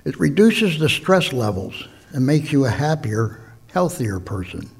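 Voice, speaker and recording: Husky-voiced man giving a measured sermon. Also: medium pitch, very animated. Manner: measured, slips and self-corrects, tells jokes. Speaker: preacher.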